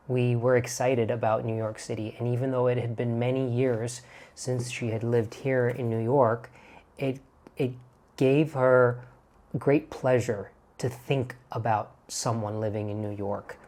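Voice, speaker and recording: Fields: Sex: man. Origin: Canada. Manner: gentle, thoughtful storytelling. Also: medium pitch. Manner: gentle, thoughtful, softly fond. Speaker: vlogger. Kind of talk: reflective storytelling to camera.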